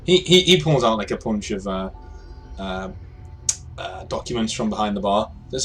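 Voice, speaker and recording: A man's voice: on the low side, lively intonation, moderate pace, fairly bright tone, soft background music. A man acting as game master, narrating a tabletop role-play game in a hesitant way with many fillers and restarts.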